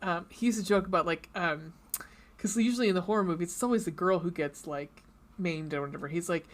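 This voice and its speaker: A woman's voice: on the low side, fairly quick. Rambling woman podcast co-host. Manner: rambling, many fillers and restarts. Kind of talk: casual chat.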